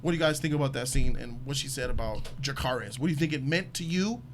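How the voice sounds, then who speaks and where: A man hosting a casual panel talk show about a TV episode, talking in an emphatic, animated way. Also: mid-range voice, fast, soft background music. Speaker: show host.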